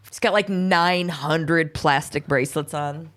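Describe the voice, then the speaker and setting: A woman with a slightly low voice tells a TV episode in casual chat. She is animated and acts out the characters as she goes. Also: slow. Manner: animated storytelling, acting out characters with laughs. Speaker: podcast co-host recapping a TV episode.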